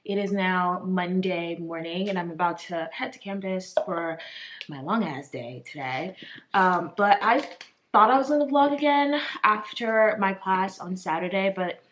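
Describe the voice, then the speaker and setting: A woman's voice: lowish voice, measured pace, fairly bright tone, slight background noise. A woman in her twenties, a law student, talking casually to her vlog viewers in a chatty way, with frequent fillers and little laughs. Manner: chatty, lots of "like" and "um", laughs often.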